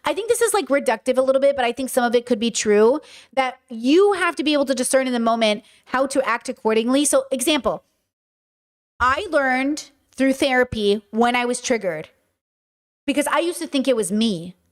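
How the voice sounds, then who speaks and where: American woman, thirties, high voice, casual podcast host, animated, swears freely. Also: fairly quick. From United States. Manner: animated, swears often, acts out quoted reactions. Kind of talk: casual monologue.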